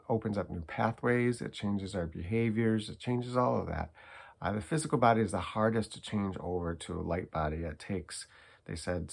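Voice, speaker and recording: Deep-voiced guy with some vocal fry, rambling earnestly with lots of uhs and restarts. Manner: halting and meandering, many fillers and restarts. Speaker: spiritual channel host. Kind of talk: casual monologue sharing channeled messages.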